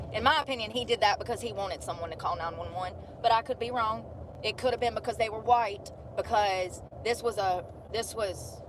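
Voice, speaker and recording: A woman in her thirties chatting casually on a vlog, blunt and rambling, swearing freely as she tells stories. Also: medium pitch. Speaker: vlogger. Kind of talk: casual chat. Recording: noisy outdoor street ambience.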